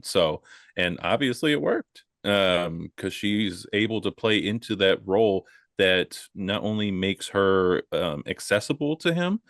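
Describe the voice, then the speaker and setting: Low-voiced dude on a podcast, kinda hesitant, dry close sound. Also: male voice, expressive, a little slow, fairly bright tone, dry recording. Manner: hesitant, thinks aloud. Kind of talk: casual chat.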